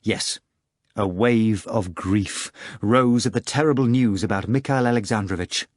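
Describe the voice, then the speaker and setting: A man's voice: moderate pace, no room sound. Man reading a novel dramatically, dry sound. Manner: dramatic, theatrical reading that swings between hushed lows and loud cries. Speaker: audiobook narrator. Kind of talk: scripted narration.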